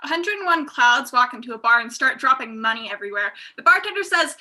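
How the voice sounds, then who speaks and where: Woman, improv host, high and very bright voice, brisk comic delivery. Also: animated. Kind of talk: improv comedy game.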